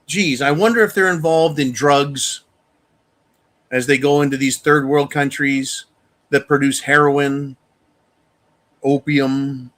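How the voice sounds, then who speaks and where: A man's voice: medium pitch, steady tone, slow, long pauses, a bit bright. A man hosting a show, delivering an angry, profane monologue rant. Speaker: show host. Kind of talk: opinion monologue.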